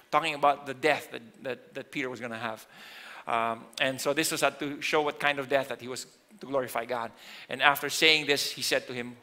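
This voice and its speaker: A man, a pastor, preaching a sermon earnestly. He swings between loud emphasis and quiet, softer lines. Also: medium pitch, fairly even intonation, a little fast.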